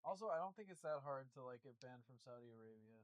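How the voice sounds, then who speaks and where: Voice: medium pitch, animated, fast, low-quality recording. A speaker co-hosting a casual chat, curious and offhand. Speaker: podcast co-host.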